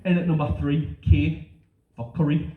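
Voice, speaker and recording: A man's voice: a little high, moderate pace, far from the mic. A middle-aged man from northern England with a northern English accent, telling sweary stories in a stand-up comedy set and putting on voices for the people he quotes. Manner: brash, sweary storytelling with lively voices for quotes. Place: comedy club stage. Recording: roomy, dull live-club recording with noise.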